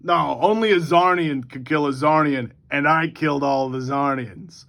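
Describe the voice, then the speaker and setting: A man's voice: on the high side, normal speed, gravelly. Lobo, a man doing a cocky brawler. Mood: gleeful boasting. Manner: loud, boastful, gloating. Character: brash cocky immortal alien male biker brawler.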